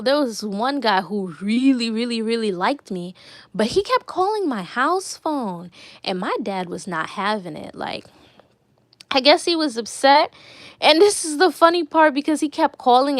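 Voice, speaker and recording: A woman's voice: a little high, no room sound. A young woman vlogger telling stories in a casual, chatty way, repeating words for emphasis. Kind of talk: casual chat to viewers.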